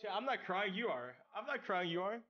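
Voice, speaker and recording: A young man live-streaming, reading out viewer messages in casual chat, excitable, with loud outbursts, swearing and a stutter with frequent restarts. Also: high voice, fairly quick, highs cut off.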